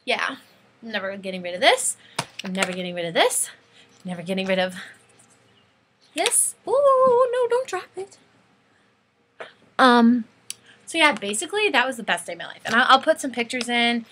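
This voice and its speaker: A teenage girl telling an excited fan story in a casual vlog, gushing and saying "like" constantly. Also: mid-range voice, fast, noisy background. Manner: gushing, breathless, says like constantly. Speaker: fan vlogger.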